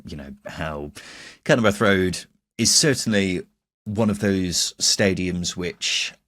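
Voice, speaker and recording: A man's voice: takes it slowly, a bit bright, no echo, studio quality. A young man co-hosting a casual football podcast, chatty and often laughing as he talks. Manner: chatty, laughs often, drifts up in pitch when joking. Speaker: podcast co-host.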